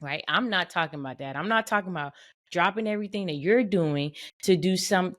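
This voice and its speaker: A woman hosts her own motivational podcast, coaching listeners on boundaries. Her voice sits on the low side, and she drives points home emphatically, repeating them and tagging lines with "right?". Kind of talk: motivational solo podcast talk.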